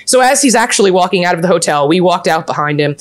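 A woman from New York telling a story in casual chat, animated and often laughing. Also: on the low side, fast talker.

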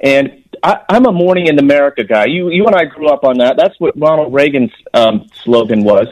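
A man's voice: medium pitch, brisk, darkish tone, no echo, muffled recording. A man speaking as a guest on a radio interview, earnest and emphatic, restarting phrases as he argues his point. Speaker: guest, former intelligence officer.

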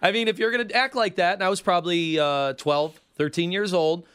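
A man's voice: high-pitched, a little fast, fairly bright tone, clear, resonant tone. A man co-hosting a podcast, chatting in a laid-back, chuckling way. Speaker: podcast co-host. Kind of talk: casual chat.

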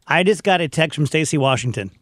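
Radio host guy, high voice, bounces all over, cracks jokes with guests. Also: animated, a bit bright, no echo, studio quality. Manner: playful, jokey, quick to laugh. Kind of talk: casual radio banter.

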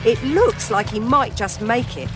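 A narrator telling a children's audio story with an expressive delivery and chatty asides to the listener. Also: medium pitch, measured pace, music in the background.

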